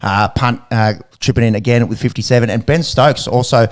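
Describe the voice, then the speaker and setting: An Australian man co-hosts a sports podcast at a mid pitch. He talks casually and jokes along with lots of "uh" and "you know". His delivery is loose and conversational. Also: fairly quick. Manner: chatty, jokey, lots of fillers. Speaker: podcast co-host. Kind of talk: casual chat.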